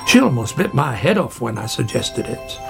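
Man doing a grumbling, gravelly old badger. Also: medium pitch, sing-song, normal speed, music in the background. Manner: gruff, grumbling and muttering.

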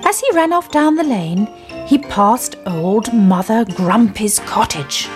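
A woman narrating a storybook in a gently expressive way. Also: medium pitch, takes it slowly. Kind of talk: storybook reading. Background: music.

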